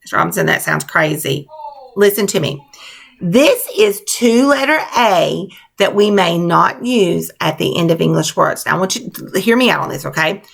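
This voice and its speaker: A woman's voice: fairly low pitch, lively intonation, moderate pace, vocal fry. A woman teacher leading young children through a spelling lesson, coaching them patiently in a sing-song classroom manner.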